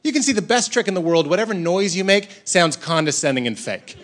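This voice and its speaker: A man working a comedy club stage into a handheld mic, his voice high and bouncing all over as he acts out little scenes. The live recording is noisy, with an audience laughing loudly behind him. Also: brisk, few pauses. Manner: animated, acts out voices, shouts punchlines. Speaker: stand-up comedian. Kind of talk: stand-up comedy set.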